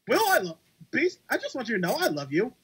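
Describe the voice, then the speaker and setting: A man on a casual podcast, talking with enthusiasm and dropping into a low voice for quotes. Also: wildly swooping pitch, moderate pace, a bit bright, breathy edge. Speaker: podcast panelist.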